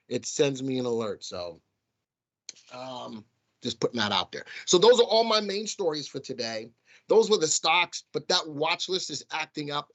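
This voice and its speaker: A man's voice: mid-range voice, fairly bright tone, highs cut off. Chatty Southern man hosting a market livestream. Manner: chatty, addresses viewers as folks. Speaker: stock market livestream host. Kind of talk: live market commentary. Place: studio.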